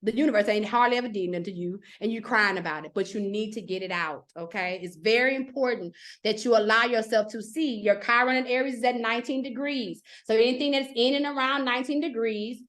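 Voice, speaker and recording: High-voiced chatty woman teaching astrology. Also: brisk, hardly any pauses. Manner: chatty, animated, acts out quotes, frequent "okay?" check-ins. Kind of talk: live class, casual teaching.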